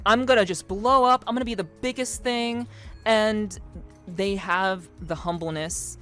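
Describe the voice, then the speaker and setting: A woman hosting a casual podcast chat, talking in an earnest, reflective way with many restarts. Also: fairly low pitch. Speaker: podcast host.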